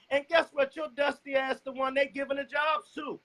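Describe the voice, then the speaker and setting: A man preaching a loud, profane sermon and cueing a scripture reader. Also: very high-pitched, little pitch movement, moderate pace, low-quality recording. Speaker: street preacher. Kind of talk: fiery street sermon.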